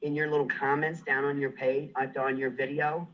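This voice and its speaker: In muffled livestream audio, a man appearing as a guest launches into an angry, profane rant, issuing threats and standing his ground defiantly. He talks briskly in a fairly high, level tone.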